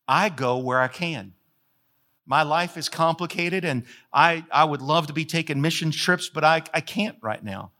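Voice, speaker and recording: A man's voice: fairly high pitch, moderate pace, bright, forceful tone. A man preaching a sermon as the pastor, folksy and emphatic, repeating phrases to drive points home.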